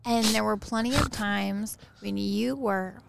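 A woman's voice: medium pitch, steady tone, measured pace, gravelly, background noise. A woman co-hosting a casual couple's podcast, insisting firmly on her point in a discussion with her partner. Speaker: podcast co-host.

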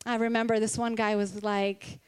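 Smooth and level at a normal speed, a woman's mid-range voice carries an earnest, personal Christian sermon. She keeps it candid and conversational, with laughter between points.

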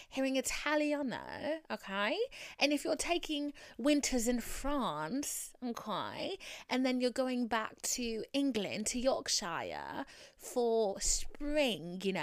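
Podcast host, woman, light Boston accent; animated, rambling and profane, with a smooth, clean voice. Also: a little high, no room sound, clean studio sound. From Boston area, US. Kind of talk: casual chat.

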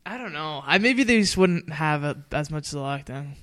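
A young man co-hosting a podcast in casual chat, laid-back, quick to laugh and agree. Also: on the high side, expressive, fairly bright tone. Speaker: podcast co-host.

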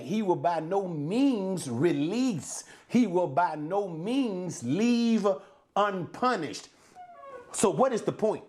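A man's voice: high voice, a little mellow. A man teaching a Bible lesson as a sermon, posing rhetorical questions and then answering them, often repeating and restarting words. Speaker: preacher.

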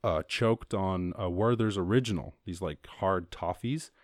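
Young Irish man, podcast host, low voice, dry close sound, rambling and swearing. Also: unhurried, no echo. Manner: rambling, swears freely, acts out quotes in a higher voice. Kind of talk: casual solo podcast monologue.

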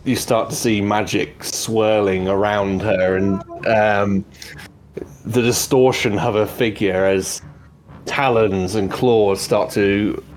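A man narrating as game master of a tabletop game podcast, descriptive and unhurried. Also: fairly low pitch, fairly even intonation, a little hiss or hum.

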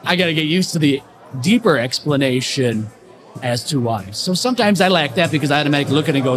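A man's voice: fairly high pitch, fast talker, a crowd in the background. Straightforward middle-aged man, music behind. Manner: straightforward, animated storytelling. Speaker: barbering educator. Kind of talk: panel discussion.

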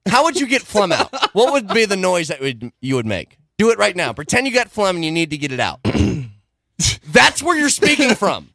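A man's voice: sits high, huge pitch swings, moderate pace, vocal fry, bright, forceful tone, dry recording, clean studio sound. A man co-hosting a podcast in casual chat, teasing and laughing a lot. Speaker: podcast co-host.

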